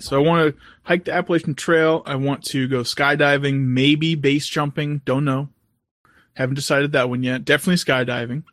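A man in casual chat, calmly thinking aloud about what he wants to do in life. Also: mid-range voice, no echo, clean studio sound. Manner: calm and reflective, thinks aloud.

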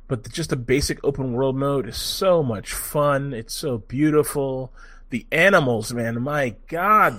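A man giving a casual game review, excitable, swearing freely, full of fillers and restarts. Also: medium pitch.

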